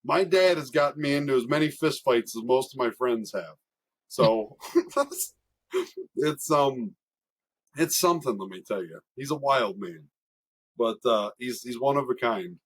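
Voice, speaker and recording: A young man, a racing driver guest, telling stories in a casual, animated way, laughing often and swearing freely. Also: medium pitch, measured pace, husky. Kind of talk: casual storytelling.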